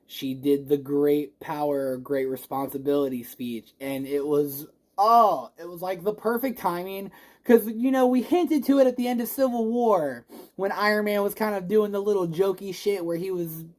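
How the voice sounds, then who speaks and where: A movie reviewer in a casual spoiler vlog admits to being a little stoned, speaking at medium pitch and normal speed. They ramble and gush excitedly, swearing freely, getting emotional, and restarting sentences often.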